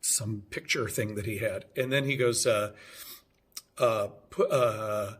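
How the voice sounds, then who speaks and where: A man's voice: fairly low pitch, slow pace, a bit bright, breathy edge. A man in his fifties telling a rambling, casual story on his vlog, full of hesitations, fillers and restarts. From United States. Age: 50s. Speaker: vlogger.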